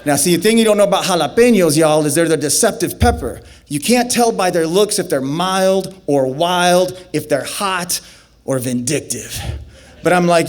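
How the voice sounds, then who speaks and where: A man telling a comic story live on a festival stage, animated and acting out the scenes. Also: a little high, moderate pace.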